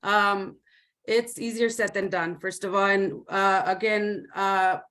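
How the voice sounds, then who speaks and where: Earnest woman telling her story haltingly. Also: medium pitch, steady tone, fairly bright tone. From Commerce City, Colorado. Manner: earnest, halting, many fillers, mixes in Spanish words. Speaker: community advocate. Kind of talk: personal testimony on a video call.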